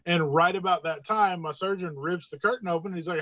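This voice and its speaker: A podcast guest telling a personal story in a casual, animated way, acting out the dialogue. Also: medium pitch, quick pace, dry recording. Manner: animated, acts out quoted dialogue in raised voices. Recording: dull, dry lo-fi sound.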